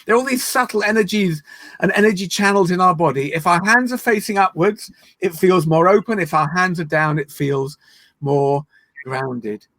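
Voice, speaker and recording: A man leading an online laughter yoga session, playful and encouraging, breaking into laughs and shouts. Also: high-pitched, moderate pace, no echo. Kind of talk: guided online laughter exercise. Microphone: video call.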